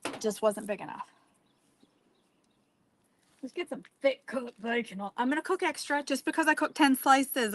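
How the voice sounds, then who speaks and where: A woman with a fairly high voice chats casually while she cooks outdoors on a deck. She talks straight to her viewers and exclaims freely as she works. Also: fairly bright tone, dry recording. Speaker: cooking vlogger. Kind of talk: casual chat while cooking.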